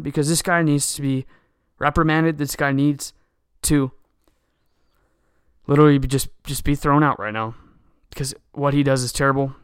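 A man's voice: medium pitch, fairly bright tone, smooth, dry recording, studio quality. A man hosting a podcast, delivering an indignant, heated political monologue that keeps circling back to the same complaints. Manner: heated, indignant, repetitive ranting. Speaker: podcast host.

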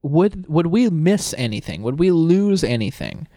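Lively, gravelly man podcasting. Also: a little high, a little slow, no room sound, clean studio sound. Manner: expressive, incredulous rhetorical questions. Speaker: podcast co-host. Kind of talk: casual chat.

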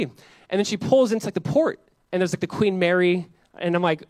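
Fast-talking, high-voiced young male pastor. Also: no echo. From Southern California. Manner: animated storytelling, self-mocking humor. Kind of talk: sermon.

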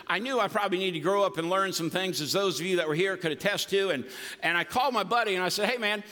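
Folksy high-voiced preacher. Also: male voice, quick pace, bright, forceful tone. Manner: folksy, emphatic preaching with humor. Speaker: pastor. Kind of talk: sermon. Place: church sanctuary. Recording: long reverb of a large hall.

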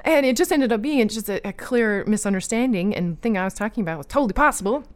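A woman talking casually about her own life, earnest, with lots of fillers and restarts, growing animated when she retells disagreements. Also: mid-range voice, fast talker. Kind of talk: personal storytelling chat.

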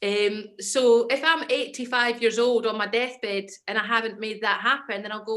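A woman's voice: fairly high pitch, fairly even intonation, moderate pace, few pauses, bright, forceful tone. A young Scottish woman, an actress and comedian, chatting as a podcast guest and telling stories with confident enthusiasm. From Scotland. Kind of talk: casual podcast chat.

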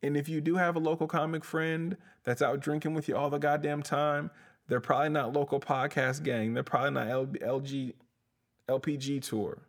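A man's voice: on the high side, level tone, moderate pace. A male comedian hosting his podcast, ranting in a heated, profane way and often tossing in "bruh". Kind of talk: casual comedic rant.

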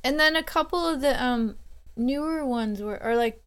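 A woman's voice: high-pitched, normal speed, clear, resonant tone. A woman musician guest chatting casually in an interview, hesitant and self-deprecating, with many fillers.

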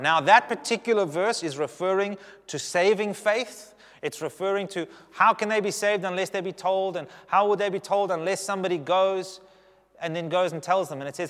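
Man, pastor, lively humorous sermon, slightly high voice, long hall reverb. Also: fairly quick. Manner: humorous, animated preaching with audience asides.

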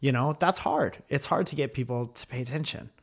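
A young adult man, a comic and podcast co-host, telling stories in casual chat with a teasing, profane, animated manner. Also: medium pitch, fairly quick.

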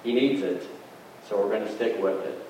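A man's voice: on the low side, normal speed, warm tone. A middle-aged man preaching in a folksy, conversational way, telling a plain-spoken story about his family. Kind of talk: storytelling sermon. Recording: echoey hall, distant mic, faint noise.

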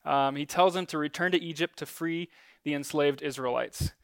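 A man's voice: on the high side, normal speed, gravelly, dry recording. A man preaching a casual sermon to a church gathering, talking conversationally with frequent ums and light self-deprecating asides.

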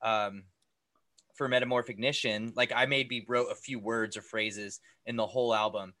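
A man's voice: on the low side, fairly even intonation, moderate pace, sharp tone, no echo. A man from Oklahoma, a band member hosting a casual chat, rambling with lots of "like". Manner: rambling, heavy use of "like". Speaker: band member, podcast host.

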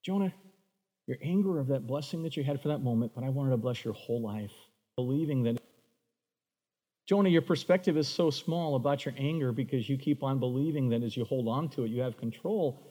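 A man preaching a sermon, animated, acting out the voices of the figures in the story he tells. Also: mid-range voice, a little fast, in a large hall. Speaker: pastor.

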